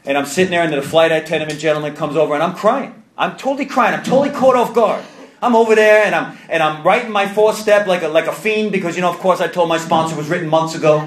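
Guy sharing his story at a meeting, kinda high voice, jokey and animated, roomy echo. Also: fast talker. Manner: animated, acts out quoted voices, self-mocking humor. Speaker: recovery meeting speaker. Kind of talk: personal storytelling to a live audience. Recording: echoey room.

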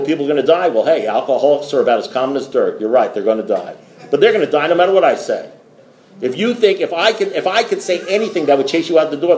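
A man's voice: mid-range voice, a little mellow. A middle-aged man giving a blunt, rambling recovery talk to a group, swearing and repeating himself. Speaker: AA meeting speaker.

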